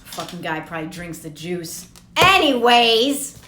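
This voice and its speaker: A woman gives a casual tarot reading, rambling through stories with lots of swearing and laughter. Her voice is bright and forward. It sounds echoey, as if recorded in a bare room. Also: fairly low pitch, big pitch swings, unhurried, slight background noise. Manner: profane, laughing, rambling storyteller. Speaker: tarot reader.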